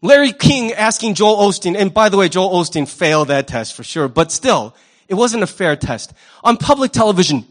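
A male pastor preaching a sermon in an animated, wry way, often jumping into quoted voices. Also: high-pitched, moderate pace.

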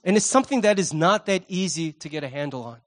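A pastor preaching a sermon, animated, acting out the voices he quotes and repeating words as he starts a thought. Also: on the high side, quick pace.

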